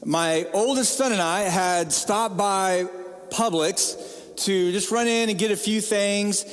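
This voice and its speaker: This time the self-deprecating pastor sounds high, slow and smooth. His humorous sermon stories ring out with the long reverb of the church hall around him.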